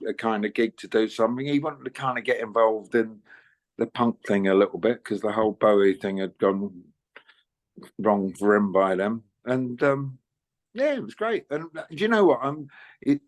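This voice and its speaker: An older man tells stories in a relaxed interview. He rambles a little, drops in "you know" often, and chuckles along the way. His voice sits at an ordinary middle pitch. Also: moderate pace. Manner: chatty, anecdotal, laughs often, many "you know"s. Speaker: interviewed musician. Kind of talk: casual storytelling interview.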